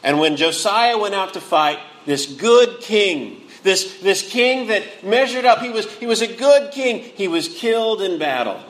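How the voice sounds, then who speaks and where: A man preaching a sermon, earnestly rising to anguished cries and then dropping low and quiet. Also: expressive, unhurried, few pauses, poor audio. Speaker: pastor.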